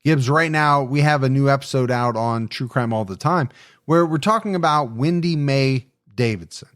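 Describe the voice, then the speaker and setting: A man hosting a casual true crime podcast, talking in a relaxed, easygoing way. His voice sits at an ordinary middle pitch. He chats loosely with his co-host. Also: normal speed. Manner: relaxed, easygoing, laughs often.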